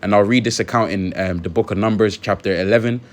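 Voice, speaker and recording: A man with a somewhat low voice hosts a religious commentary video. He talks loosely and conversationally, leaning on fillers as he reads and explains scripture. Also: steady tone, fast talker. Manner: conversational, many fillers and restarts.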